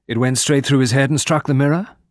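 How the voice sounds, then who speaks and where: A man's voice: medium pitch, steady tone, no room sound, studio quality, voice pushed up, close to an everyday voice. A man voicing a blunt young Englishman. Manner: brisk, offhand, clipped.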